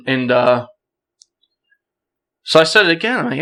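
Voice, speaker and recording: Young male podcast guest, bright and a bit high, animated storyteller who laughs a lot. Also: a little slow. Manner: animated, laughs through the story, throat clearing. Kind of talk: casual storytelling.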